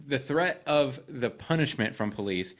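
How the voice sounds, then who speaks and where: Animated swearing podcast storyteller man. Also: mid-range voice, moderate pace. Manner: animated, profane, acts out quoted exchanges. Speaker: podcast co-host.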